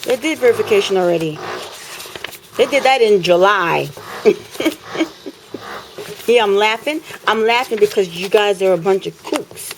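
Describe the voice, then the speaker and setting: A woman's voice: mid-range voice, moderate pace, noisy background. A woman, filming an impassioned complaint in her apartment, talking indignantly and repeating phrases for emphasis.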